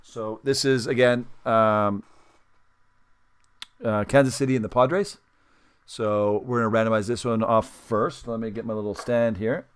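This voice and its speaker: A man's voice: fairly low pitch, fairly even intonation, unhurried, clear, resonant tone. A man hosting a sports card break livestream, talking casually, counting steps aloud and apologizing for slip-ups. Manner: chatty, apologetic self-corrections, counts aloud.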